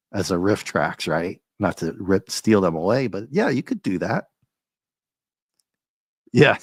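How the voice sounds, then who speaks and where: A man hosting a live stream, chatting and ranting casually with viewers, his voice a little rough and often breaking into laughs. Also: deep voice, dry recording. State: slightly rough voice. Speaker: livestream host.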